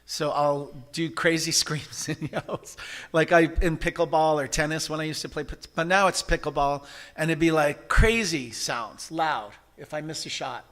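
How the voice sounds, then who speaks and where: Male church service leader, bright, a little high, animated and chatty with shouting bursts. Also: moderate pace. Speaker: practitioner leading a service. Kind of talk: sermon. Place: church sanctuary.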